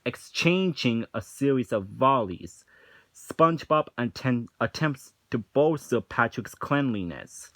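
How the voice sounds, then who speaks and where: A man talks through a casual review at an unhurried pace, circling back over his words with lots of restarts and fillers. He sounds unimpressed and dismissive throughout. The sound is close and dry, with no room around it. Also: medium pitch, sharp tone, no echo. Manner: rambling, frequent restarts and filler "like".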